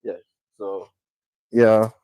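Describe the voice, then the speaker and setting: Slow, repetitive man cooking. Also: fairly low pitch, steady tone, dark tone, clear, resonant tone, dry recording, poor audio. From Ghana. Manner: repetitive, unhurried, talks while working. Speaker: cooking vlogger. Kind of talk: casual cooking talk.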